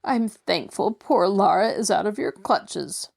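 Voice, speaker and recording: A woman's voice: medium pitch, expressive, a little slow, creaky. A woman voicing a frail old man held captive, with a quavering voice. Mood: angry.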